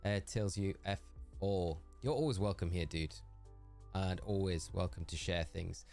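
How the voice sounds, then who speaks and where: A livestreamer from the north-east of England chats easily with his viewers in a lowish voice, his northeastern English accent plain throughout. He laughs often and answers people by name, and faint music plays softly behind him. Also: measured pace, gravelly. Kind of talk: casual livestream chat while gaming.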